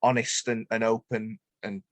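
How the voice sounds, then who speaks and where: A man's voice: lowish voice, flat delivery, moderate pace, no echo. A man from England, hosting an interview. He stammers often and thanks his guest effusively. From northern England. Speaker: podcast host. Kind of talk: casual interview chat.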